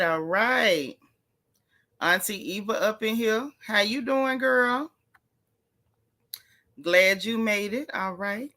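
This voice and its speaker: A woman's voice: mid-range voice, bright, forceful tone. A middle-aged woman hosting a casual livestream, chatting and greeting viewers by name with easygoing slang. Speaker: livestream host.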